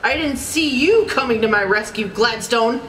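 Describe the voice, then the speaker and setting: A woman voicing a sweet young female cartoon duck in a storybook reading, in a gentle, admiring manner. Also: on the high side, lively intonation, normal speed, reverberant. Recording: distant mic with background noise.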